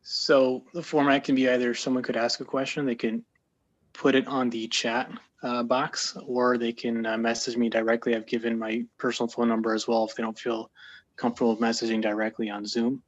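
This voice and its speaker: Flat, even male organizer, dull lo-fi call audio from off-mic. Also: mid-range voice, brisk.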